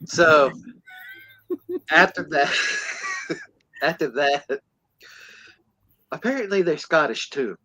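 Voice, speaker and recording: A man recaps a movie plot on a podcast at an unhurried, drawn-out pace, now and then slipping into goofy character voices. His voice sits close and dry on the mic, with no room sound. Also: on the high side, sing-song, sharp tone, no room sound, muffled recording. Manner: acts out characters in silly voices while retelling. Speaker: podcast co-host.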